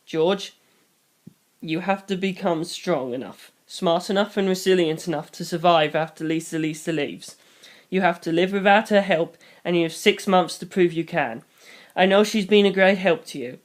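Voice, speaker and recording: A calm, soft-spoken middle-aged mother, put on by a storybook reader. She is gentle yet firm, and her voice sits at a plain, middle pitch. Her talk is quiet and reassuring. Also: normal speed, lightly acted. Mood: stern. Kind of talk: storybook reading.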